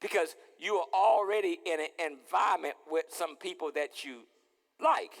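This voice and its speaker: A man preaching as pastor in a lively, playful sermon, acting out little scenes and repeating his words. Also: high voice, normal speed, gravelly, big-room sound. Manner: animated, playful, repeats words, acts out dialogue. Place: church sanctuary.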